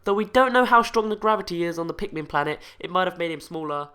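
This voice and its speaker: A man hosting a casual video, talking through fan theories with jokey asides that drop into low mumbles. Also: lively intonation, fast, pushed and bright, smooth. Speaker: video host.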